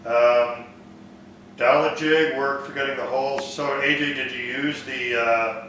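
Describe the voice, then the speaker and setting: Man, woodshop host, relaxed Q&A, far mic, big room echo. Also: medium pitch, unhurried, a little hiss or hum. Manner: relaxed, thinks aloud with fillers. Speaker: woodworking live stream host. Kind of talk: casual live Q&A, reading viewer comments. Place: woodworking shop.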